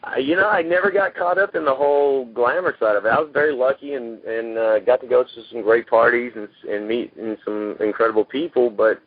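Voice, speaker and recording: Speaking at medium pitch and a little fast, with hardly any pauses, this Texas man is an actor guest in a casual interview, folksily rambling about his life and leaning on "you know." The phone line sounds tinny, though there's no echo.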